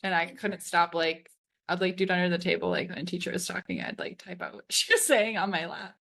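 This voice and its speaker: A woman's voice: lowish voice, steady tone, quick pace, gravelly, fairly bright tone. A woman in her thirties co-hosting a podcast in casual chat, telling stories with lots of "like" and frequent laughs. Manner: chatty, fills speech with "like", laughs often while telling stories. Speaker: podcast co-host.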